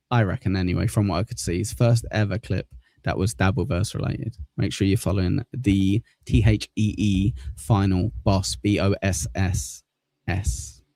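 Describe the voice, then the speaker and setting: English man with a Manchester accent, stream host, low mellow voice, close and dry, casual and sweary. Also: no echo. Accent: Mancunian. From southern England. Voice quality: swears often, laughs at himself. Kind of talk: casual live-stream chat.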